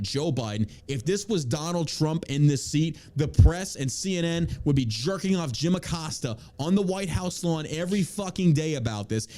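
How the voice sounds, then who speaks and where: A man's voice: on the high side, warm tone. A man hosting a political commentary podcast, reading news items aloud and then ranting at listeners with heavy profanity. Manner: heated, preachy appeals to listeners. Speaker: podcast host.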